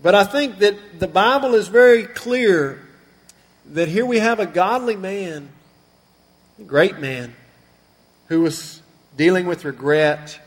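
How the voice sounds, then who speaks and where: A man with a high, light voice delivers a sermon from the pulpit. His speech rings out with the long reverb of a large hall. He retells the scripture story earnestly, slowing and softening on the grief-filled parts. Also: expressive. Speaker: pastor.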